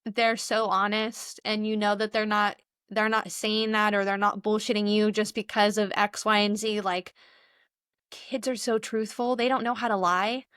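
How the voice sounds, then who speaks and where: A woman's voice: medium pitch, flat delivery, moderate pace, fairly bright tone, clean tone, no echo, clean studio sound. A young adult woman co-hosting a podcast, talking in a rambling, earnest, chatty way. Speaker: podcast co-host. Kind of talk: casual chat.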